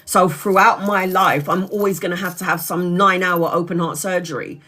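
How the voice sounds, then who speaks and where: A woman's voice: fairly low pitch, fairly even intonation, moderate pace, bright, forceful tone. A woman in her forties giving a live tarot reading, frank and direct, who swears casually as she talks to the viewer. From Brazil. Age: 40s. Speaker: tarot reader.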